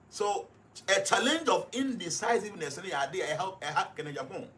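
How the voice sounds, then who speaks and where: A Ghanaian-accented man talks a listener through his reasoning in an emphatic, repetitive way. His voice sits a little high for a man. A faint hum of noise runs beneath it. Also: expressive, moderate pace, pushed and bright. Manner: emphatic, repeats points to stress them. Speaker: guest analyst. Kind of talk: explanatory commentary.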